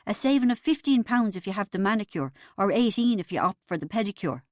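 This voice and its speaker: A woman's voice: medium pitch, animated, fast, darkish tone, no room sound, clean studio sound, pitched above the performer's own voice, lightly acted. A woman doing a bitter, boastful husband. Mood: indignant. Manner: pompous, aggrieved, insistent. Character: boastful middle-aged Irish husband, bitter.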